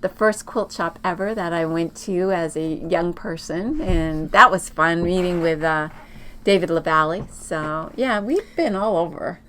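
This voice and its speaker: A woman's voice: lowish voice, a little slow, a bit bright, slight background noise. Chatty storytelling woman co-host. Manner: chatty storyteller, many fillers and restarts. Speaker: quilting podcast co-host. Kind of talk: casual chat.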